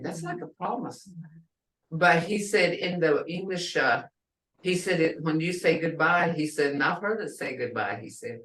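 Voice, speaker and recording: A middle-aged woman teaching a language class online, explaining slowly and repeating words for her learners. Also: low-pitched. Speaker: language instructor. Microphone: video call. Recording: roomy and distant video call audio.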